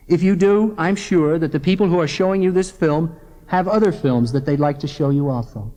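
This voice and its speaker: A man's voice: high voice, mellow. A middle-aged man giving a scripted, earnest persuasive lecture directly to the viewer as the presenter of an organization's film. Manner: earnest, measured address to the viewer. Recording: old 1970s film soundtrack with long reverb.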